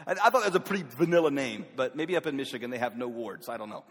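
Southern man, North Carolina roots, middle-pitched, telling a folksy story in a big reverberant hall. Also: animated, racing, a bit bright, breathy edge. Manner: folksy, self-deprecating, with laughs. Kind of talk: personal storytelling.

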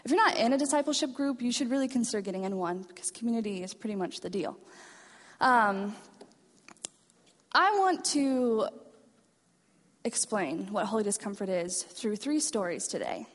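A woman's voice: a little high, lively intonation, moderate pace, long pauses. A woman giving a chapel message to students, earnest and self-deprecating, retelling stories in a hall. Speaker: chapel speaker. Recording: reverberant hall.

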